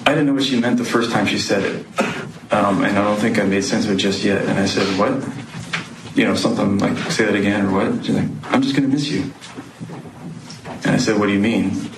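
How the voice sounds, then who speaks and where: A man testifying as a witness in court, speaking haltingly with many pauses and fillers. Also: on the low side, fairly even intonation, gravelly. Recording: echoey noisy courtroom audio.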